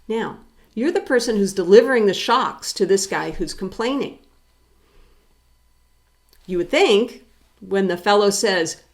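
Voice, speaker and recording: A woman's voice: mid-range voice, expressive, a little slow, pauses often. A woman professor giving a recorded psychology lecture, explaining step by step and putting rhetorical questions to her students.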